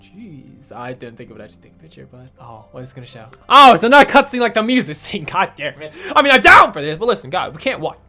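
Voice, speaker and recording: Emotional, fast-talking game commentator. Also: mid-range voice, very animated, pushed and bright, soft background music. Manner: emotional, swears a lot. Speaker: gaming video creator. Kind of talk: let's play commentary.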